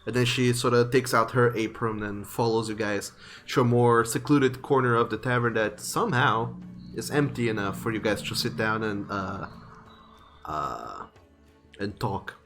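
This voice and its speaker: A man narrating a tabletop game as game master, describing the scene in a relaxed way with frequent fillers. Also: fairly low pitch, moderate pace, soft background music.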